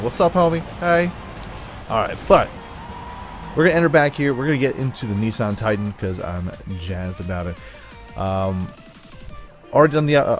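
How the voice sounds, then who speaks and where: A man giving playful let's-play commentary on a racing game, joking with his viewers and talking back to the game. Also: lowish voice. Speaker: gaming YouTuber. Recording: game music and car sounds behind. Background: game music and engine noise.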